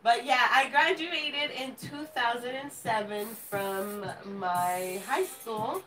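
Slow-talking woman, a bit off-mic. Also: fairly high pitch, recorded from a distance, music in the background, poor audio. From California. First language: Spanish. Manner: rambling, giggly, self-teasing. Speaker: host. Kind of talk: casual live-stream chat.

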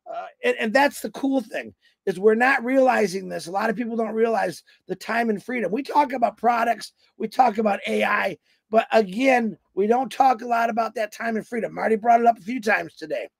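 A man in his fifties with a high-pitched, creaky voice talks a little fast as a motivational speaker on a company livestream. His folksy, rambling talk is built on road-trip stories where he performs the quoted voices, with no room sound.

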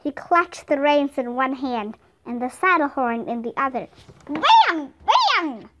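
A woman reading a children's chapter book aloud as a steady, careful narrator. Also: high-pitched, normal speed. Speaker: storybook reader. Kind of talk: scripted narration.

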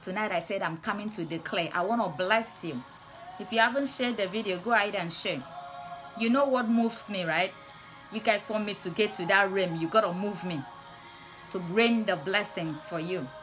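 A woman's voice: medium pitch, moderate pace. Fervent woman preacher with music behind. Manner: fervent, repetitive declarations. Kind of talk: livestream sermon and prayer. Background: soft music.

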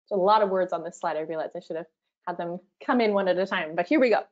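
A woman leading an online workshop, speaking gently and encouragingly as she guides a mindfulness practice. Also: fairly low pitch, quick pace, lo-fi sound. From Canada. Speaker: workshop facilitator.

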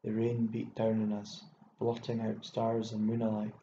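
A man reading a literary short story aloud as an audiobook narrator, with steady, measured telling. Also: lowish voice, creaky, slight background noise. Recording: echoey room, dull lo-fi sound.

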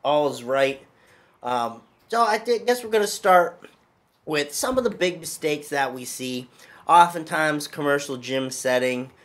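A man's voice: fairly high pitch, expressive, measured pace, a bit bright. A man hosting a casual strength-training podcast as a coach, talking in an upbeat, loose, conversational way.

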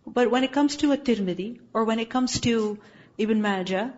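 A muffled recording of a woman teaching Islamic studies in a classroom, her voice slightly high and a little mellow at normal speed. She lectures and poses questions, firmly correcting and repeatedly checking that the students understand.

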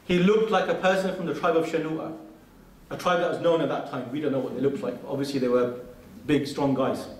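A man's voice: a little high, steady tone, brisk. Man preaching in a very echoey hall. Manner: earnest storytelling with quoted Arabic recitations. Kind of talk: mosque lecture. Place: large mosque hall. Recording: very echoey hall, speaker far from mic.

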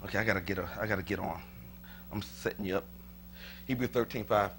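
Bright-voiced pastor, chatty sermon. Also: male voice, fairly low pitch, fast, a little hiss or hum. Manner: conversational, repeats words, chuckles often. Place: church.

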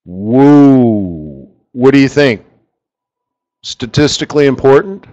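Middle-aged man, webinar host, unhurried, rambling and chatty, mid-pitched. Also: animated, warm tone, dull audio. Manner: rambling and chatty, with asides about his screen tools. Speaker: forex market strategist hosting a live webinar. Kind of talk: casual live trading webinar.

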